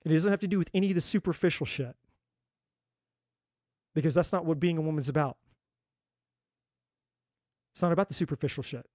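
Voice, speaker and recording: Emphatic man with a raised pitch. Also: fairly quick, long pauses, a little mellow, dry recording, highs cut off. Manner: emphatic, repetitive, swears casually. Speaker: tarot reader. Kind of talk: live-stream spiritual talk.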